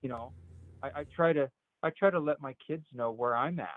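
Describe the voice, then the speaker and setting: Brief: middle-aged man, personal storytelling, stammering restarts, pitch jumps up in quoted speech, thin telephone-band audio. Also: no room sound. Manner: halting, repeats words, rises sharply when quoting others. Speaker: interview guest. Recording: tinny phone-like line.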